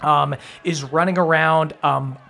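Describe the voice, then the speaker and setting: A man's voice: a little high, fairly even intonation, measured pace, creaky, sharp tone. A man as game master, casually narrating a tabletop game with many fillers and the odd curse.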